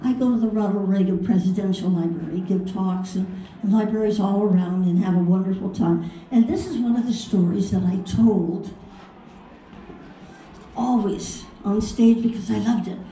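An older woman with a mellow, mid-range voice and a moderate pace shares theatrical, playful stories as a voice actress at a convention panel. She's picked up by a distant mic in a big, echoey convention hall, with some faint noise.

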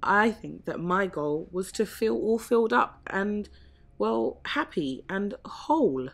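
A woman voicing a lonely, wistful male whale in a storybook read-aloud, speaking softly and hesitantly. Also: mid-range voice, animated, slow, creaky, heavily acted. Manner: soft, hesitant, near tears.

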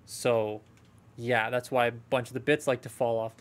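A man's voice: mid-range voice, little pitch movement, moderate pace. A young man chatting casually as he unboxes toys on a live stream, rambling and talking to viewers. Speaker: toy collector streaming a haul unboxing.

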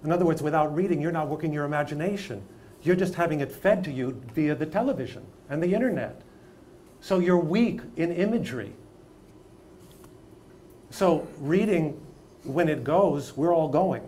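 An older man teaching acting, talking in an animated, emphatic storytelling way. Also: on the high side, moderate pace, slight background noise. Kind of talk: masterclass discussion.

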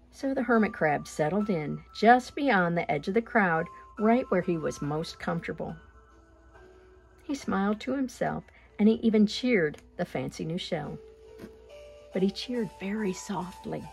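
A woman reading a children's picture book aloud with gentle, expressive pacing. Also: medium pitch, vocal fry. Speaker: storyteller.

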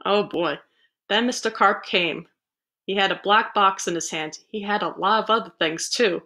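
A woman librarian reading a picture book aloud to children, animated, with playful asides. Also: mid-range voice, moderate pace. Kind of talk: storybook read-aloud.

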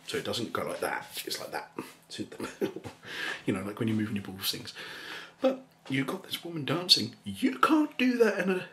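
A man telling a rambling story in a soft, casual way, laughing often and slipping into whispers. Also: mid-range voice, very animated, moderate pace, slight background noise. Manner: rambling and chuckling, drops into whispers. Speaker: ASMR channel host.

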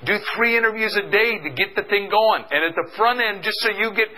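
A middle-aged man giving an energetic motivational seminar talk, calling out questions for the audience to answer. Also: high-pitched, brisk, noisy background. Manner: energetic, call-and-response with the audience. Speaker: seminar speaker.

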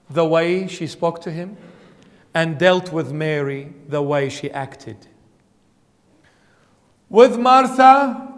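High-pitched bishop preaching, fervent then hushed, long church echo. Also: male voice. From Australia. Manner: emphatic, rising to fervent peaks then dropping low. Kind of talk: sermon.

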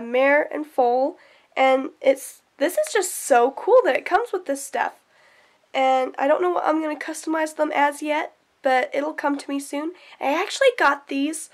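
A woman vlogger narrating an unboxing, gushing and repeating excited exclamations. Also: sits high. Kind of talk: unboxing vlog.

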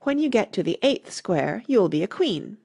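A woman voicing a brisk, commanding queen in an audiobook. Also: medium pitch, big pitch swings, gravelly, darkish tone, husky, full character voice. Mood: pleasant. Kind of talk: audiobook character reading.

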